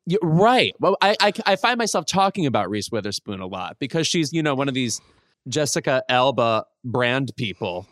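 Guy co-hosting a pop culture podcast, wry deadpan asides, dry close mic. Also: mid-range voice, moderate pace, no room sound. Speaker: podcast co-host. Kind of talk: casual pop culture chat.

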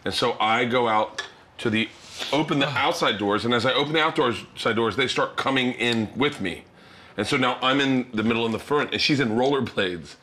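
A man in his thirties hosting a casual chat, telling stories with lively energy and laughing through his punchlines. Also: mid-range voice, a little fast. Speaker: host and comedian.

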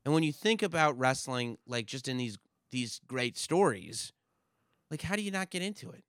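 Bright-voiced chatty male guest. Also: medium pitch, sing-song, no echo, studio quality. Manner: chatty, quick-witted and wry. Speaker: podcast guest. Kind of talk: casual podcast chat.

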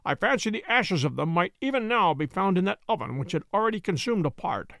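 Male narrator playing a calm, stern detective, gravelly and animated. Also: high-pitched, fairly quick, no room sound, exaggerated voice. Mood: dry. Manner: cool, stern and dry. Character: calm, assured middle-aged male detective.

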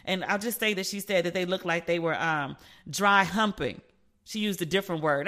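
A woman's voice: fairly low pitch, moderate pace, a bit bright. A middle-aged woman hosting a podcast, chatting playfully about celebrity news and slipping into voices to act out what people said. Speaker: podcast host. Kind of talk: casual pop-culture commentary.

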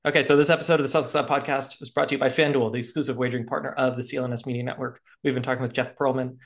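A man's voice: medium pitch, fairly even intonation, rapid-fire, creaky. Jokey male podcast host. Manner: jokey, loose, with fillers and laughs. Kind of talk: casual interview chat.

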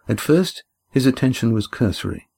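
A man reading a novel aloud as an audiobook narrator, with measured storytelling. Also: medium pitch, lively intonation, creaky, dark tone, breathy edge. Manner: measured storytelling, voicing each character lightly.

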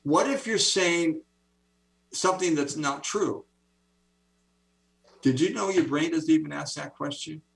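This enthusiastic storyteller, an author and speaker in his seventies, is interviewed on a video call. His voice is fairly high and creaky, his pace measured with long pauses, and the audio is poor.

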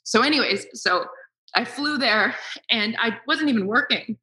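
A woman's voice: fairly high pitch, animated, moderate pace, pushed and bright, rough recording. A woman guest in an interview, speaking candidly and with self-deprecating humor, emotional at times. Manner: emotional, self-deprecating, talks through tears. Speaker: guest, sports broadcaster.

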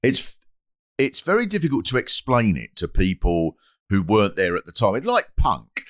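A man's voice: fairly low pitch, normal speed, dry recording, studio quality. A middle-aged man hosting a podcast, rambling comically through anecdotes in a casual chat. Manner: rambling, lively comic storyteller. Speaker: podcast host.

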